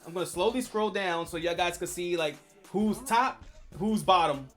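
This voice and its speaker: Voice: mid-range voice, normal speed, a bit bright, soft background music. A streamer chatting casually on a livestream, rambling with lots of fillers and restarts.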